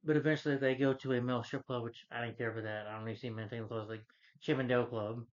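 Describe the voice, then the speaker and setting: A man's voice: mid-range voice, steady tone, fast. Rambling man recapping a film, lo-fi. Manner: rambling, full of fillers like "you know" and "like". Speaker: film reviewer. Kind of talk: casual spoken movie recap.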